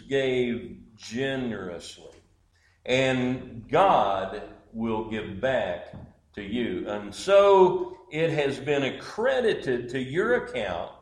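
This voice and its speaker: A man preaching a sermon as pastor, slow and emphatic, with dramatic pauses. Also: mid-range voice, reverberant, poor audio.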